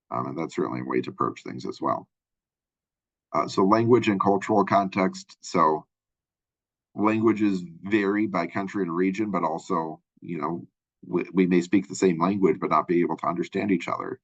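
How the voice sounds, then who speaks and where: A middle-aged man lectures to his class in a loose, conversational way, filling pauses with "um" and checking in with "right?". His voice sits very low with a husky edge. The recording is dry and dull, like a lo-fi close mic. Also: no echo. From Minnesota. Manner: casual, rambling, many fillers and tag questions. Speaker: college instructor.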